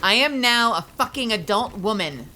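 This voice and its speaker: Lively, bright-voiced woman streamer. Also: on the high side, moderate pace, soft background music. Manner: profane, chatty storytelling; bursts into loud outrage during play. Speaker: livestreamer. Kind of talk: casual live gameplay chat.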